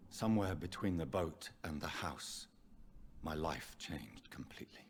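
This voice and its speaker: Somber vampire son. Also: male voice, extremely low pitch, lively intonation, breathy edge, heavily acted. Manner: measured, quietly pained. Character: somber young vampire son, restrained and grieving. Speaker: game protagonist. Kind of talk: video game dialogue.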